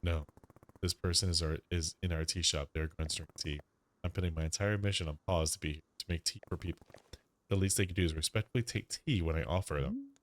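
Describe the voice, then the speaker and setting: A man's voice: sits low, quick pace, lightly acted. A man voicing a blunt, impatient young woman, a former fighter, who talks in a pushy, curt way.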